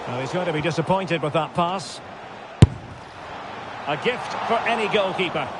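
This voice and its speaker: A man giving scripted football commentary in a video game, brisk short calls that rise at big chances. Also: on the high side, expressive, lightly acted. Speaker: play-by-play commentator. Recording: loud game crowd noise behind.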